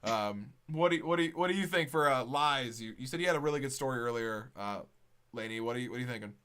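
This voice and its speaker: A man's voice: medium pitch, fast, a bit bright, clear, resonant tone. A young man hosting a casual podcast, telling rambling, sweary stories with lots of animation. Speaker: podcast host.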